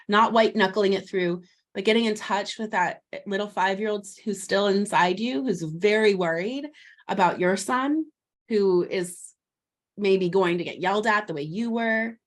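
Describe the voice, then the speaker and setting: A woman guest in a parenting interview, explaining child development in lively, talkative bursts, often slipping into a gentle voice to model what a parent says to a child. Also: mid-range voice, unhurried. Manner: animated, warm explaining, acts out soothing words to a child; frequent restarts and fillers, laughs lightly.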